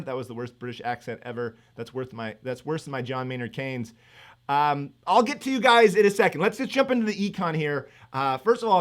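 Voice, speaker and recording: A middle-aged man teaching economics on a live stream, energetic and hyped, rambling with lots of fillers. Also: fairly high pitch. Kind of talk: live-streamed exam review.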